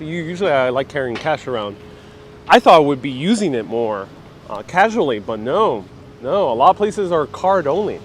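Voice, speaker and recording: In a casual walking live stream, a travel vlogger reads viewer comments and thinks aloud as he moves through a city, phone in hand. His slightly high voice is animated yet unhurried, set against outdoor street noise and traffic.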